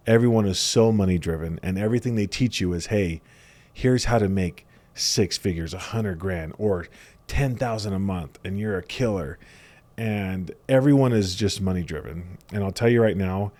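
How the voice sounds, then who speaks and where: Lively young man telling a story. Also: deep voice. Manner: animated storyteller, laughs often, acts out quotes. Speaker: podcast guest, salesman. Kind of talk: casual storytelling chat.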